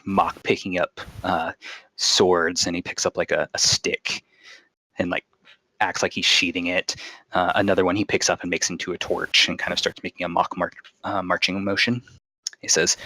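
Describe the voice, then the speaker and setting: A man's voice: deep voice, little pitch movement, moderate pace, bright, forceful tone, dry recording, poor audio. A man narrating as game master in a casual way, with many fillers and restarts.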